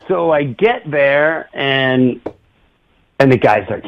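A middle-aged man hosting a radio show, telling an animated story with laughs and quick impressions. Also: mid-range voice, lo-fi sound. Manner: animated, laughs often, does voices in anecdotes. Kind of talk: casual storytelling.

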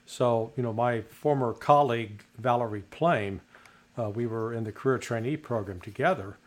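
A man's voice: medium pitch, normal speed. A man who was once an intelligence officer, speaking as a matter-of-fact guest on a remote roundtable and stumbling slightly at the start of his points. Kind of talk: roundtable discussion. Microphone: remote call.

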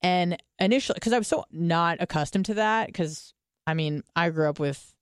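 A woman's voice: fairly low pitch, moderate pace, smooth, dry recording, clean studio sound. A young American woman talking candidly in a casual podcast chat, swearing freely and filling gaps with "like" and "um". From United States.

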